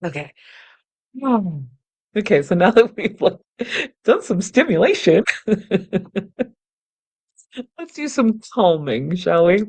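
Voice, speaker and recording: A woman with a lowish, slightly mellow voice speaks slowly and pauses often, yet she's very animated. She's a singing teacher hosting a show, sitting in a chair at her home studio to lead a somatic exercise lesson on camera. Playful and quick to laugh, she demonstrates with vocal sounds.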